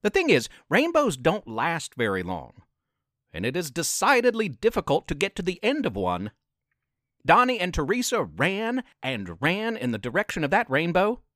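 A man reading a children's adventure story aloud as narrator, slow and expressive. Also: high-pitched, dry recording, clean studio sound. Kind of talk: scripted narration.

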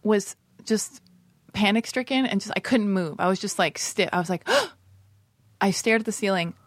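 A woman's voice: moderate pace, dry recording, clean studio sound. A young woman co-hosting a casual podcast, chatty, telling stories and acting out quotes. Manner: chatty storyteller, acts out quotes with shrill cries. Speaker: podcast co-host.

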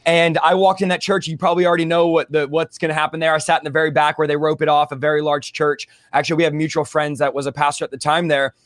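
A man's voice: on the high side, level tone, quick pace, hardly any pauses, fairly bright tone, dry recording. A young man from California telling a fervent, casual story, using slang like "bro" and "dude". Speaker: guest telling his testimony. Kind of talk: conversational interview storytelling.

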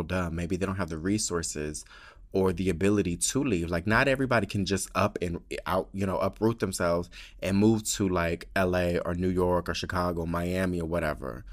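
Low-voiced man, profane and expressive. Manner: expressive, profane, heavy use of "like". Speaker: podcast host. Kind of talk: casual chat.

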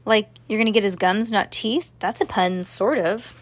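A woman voicing an impatient, bossy girl with a sharp manner, in a storybook reading. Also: mid-range voice, normal speed, dry recording, lightly acted.

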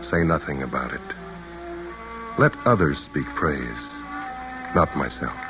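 An actor playing a stern, devout general who gives clipped commands in a radio play. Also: male voice, rumbling low, lively intonation, takes it slowly, over music, heavily acted, low-quality recording. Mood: solemn. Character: stern devout male general, terse and exacting. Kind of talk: 1940s radio acting.

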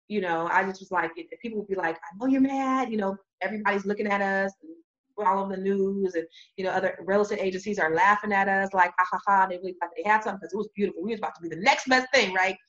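A woman telling a long story in casual chat, animated, acting out quoted voices and laughing often. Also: mid-range voice, dull audio. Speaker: real estate business owner.

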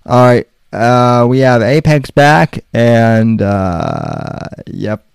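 Slow-talking man with a smooth voice. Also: mid-range voice, big pitch swings, no room sound. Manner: slow and deliberate, with frequent pauses and fillers. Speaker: podcast host. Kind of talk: casual call-in chat.

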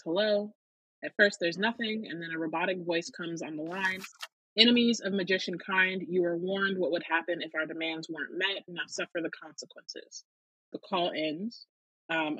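Woman co-host, husky voice, dry close mic, casual plot recap. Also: lowish voice, a bit bright, dry recording, low-quality recording. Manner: summarizing with frequent "um". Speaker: podcast co-host.

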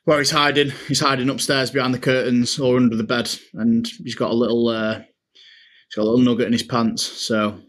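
A chatty storyteller, this male podcast co-host laughs often and frequently calls his co-host "mate" during their casual conversation. His slightly bright, mid-range voice stays level as he speaks briskly.

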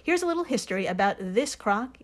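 A woman's voice: a little high, sing-song, fairly quick. A woman co-hosting a podcast, leading the segments in playful, casual chat and laughing often. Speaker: podcast co-host.

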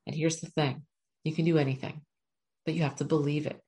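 Low raspy-ish woman doing a spiritual pep talk, earnest n repetitive, reading cards. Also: flat delivery, brisk, warm tone. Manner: earnest, repetitive, often asks "right?". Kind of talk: motivational talk to viewers.

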